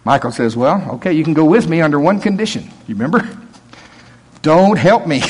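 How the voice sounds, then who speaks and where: A man's voice: on the high side, normal speed, long pauses, slightly rough. A man preaching a sermon and telling a story, acting out the voices of the people he quotes. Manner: animated, acts out quoted voices.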